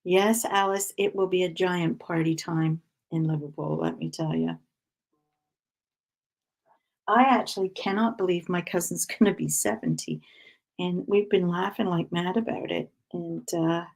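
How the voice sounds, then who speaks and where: A woman hosts a relaxed cross-stitch livestream from home, talking freely and laughing often. Her voice has a gravelly, fry-touched edge. She greets viewers by name as she stitches. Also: fairly low pitch. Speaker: crafting livestream host. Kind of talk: casual chat while cross-stitching.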